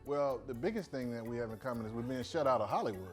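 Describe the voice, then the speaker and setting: A man's voice: mid-range voice, fast talker, faint music behind. A man in a documentary interview, bantering and laughing as he talks.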